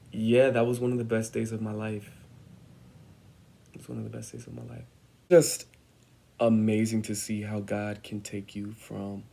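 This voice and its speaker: Young male vlogger, gravelly and unhurried, telling a dramatic story. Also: fairly low pitch. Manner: animated, dramatic retelling with acted-out quotes. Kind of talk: personal storytelling.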